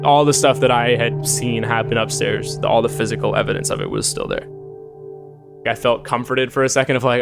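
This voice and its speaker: A man's voice: medium pitch, brisk, gravelly. A man casually telling a personal story, rambling and shaken, with lots of filler words and swearing. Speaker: storyteller recounting a personal encounter. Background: eerie music bed.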